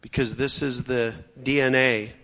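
A man's voice: mid-range voice, fairly even intonation, a little slow, fairly bright tone, big-room sound, highs cut off. A man giving a teaching talk at church, explaining step by step in a methodical way. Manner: explanatory, methodical, clears throat.

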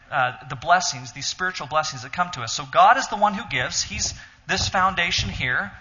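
Bright, husky man teaching from a podium. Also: sits high. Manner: earnest, emphatic, explains step by step. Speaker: teacher leading a Bible study. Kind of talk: teaching sermon. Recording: dull sound in a reverberant hall.

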